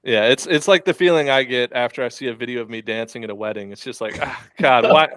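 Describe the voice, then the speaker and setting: A man's voice: mid-range voice, fast talker, fairly bright tone, clean tone, no room sound. A man co-hosting a casual sports podcast, easygoing and jokey, asking his partners questions. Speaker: podcast co-host.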